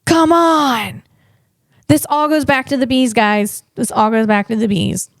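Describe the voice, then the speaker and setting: In a casual solo podcast monologue, a comedian hosting her own show rants playfully and teasingly, rambling with frequent restarts. Her pitch is fairly high and her pace measured, and the studio-quality recording is dry.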